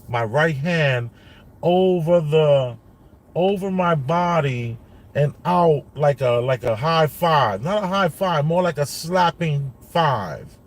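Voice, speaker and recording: A father telling a family story in a casual, rambling way, full of like and you know, while sitting in a car. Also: on the high side. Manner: rambling, lots of like and you know, repeats himself. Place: inside a car.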